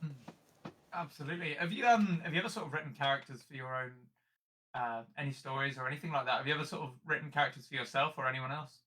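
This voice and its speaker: A man's voice: mid-range voice, fast talker, bright, forceful tone. A man hosting a casual interview chat, laughing often and asking easy questions. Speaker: host.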